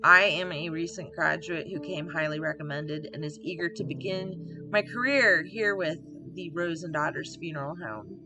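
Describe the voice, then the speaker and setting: A woman with a low, gravelly voice plays through a story game, reading its emails aloud and tossing in casual remarks. Game music plays behind her. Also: moderate pace. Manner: reads on-screen emails aloud with casual asides. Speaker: let's play gamer. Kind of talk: casual gameplay commentary.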